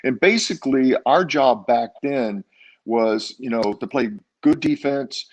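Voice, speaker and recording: A man's voice: mid-range voice, unhurried. Older man telling stories in an interview. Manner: rambling, many fillers and restarts. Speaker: guest, former baseball player. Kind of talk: casual interview storytelling.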